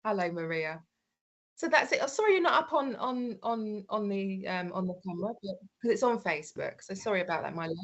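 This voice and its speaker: A woman's voice: medium pitch, lively intonation, a little fast. A woman co-hosting a casual online show, giggly and bubbly as she greets viewers by name. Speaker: co-host. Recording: lo-fi online stream audio.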